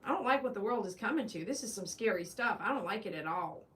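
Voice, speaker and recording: A woman's voice: medium pitch, expressive, fast. A woman hosting a casual livestream as a dog groomer, chatty and teasing as she talks straight to her viewers.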